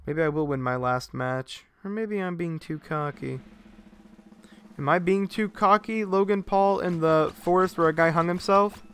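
A young man streaming a game live, giving excitable commentary full of profane trash talk. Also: on the high side, moderate pace, soft background music.

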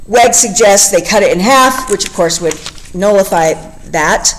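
A woman's voice: mid-range voice, animated, unhurried, poor audio. A woman talking through a novel in a casual way, reading passages aloud and explaining them with many fillers. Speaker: literature discussion host. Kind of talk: casual book discussion with read-aloud passages.

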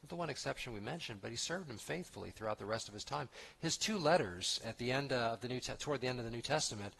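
A man's voice: mid-range voice, animated, fast talker, creaky, a bit bright, breathy edge. A man pastor giving an expository sermon in a conversational, emphatic way, with restarts and asides.

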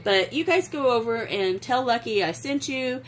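A woman's voice: fairly high pitch, animated, normal speed, slight background noise. A woman, gushing and sentimental as she opens craft mail in a casual vlog. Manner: gushing, sentimental, exclaims often. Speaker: craft vlogger. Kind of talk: casual unboxing chat.

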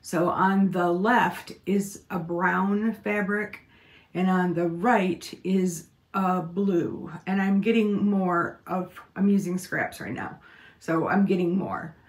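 Chatty woman with a low, gravelly voice. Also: steady tone, slow pace. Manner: chatty, meandering, asks viewers for opinions. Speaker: quilting channel host. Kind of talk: casual vlog chat.

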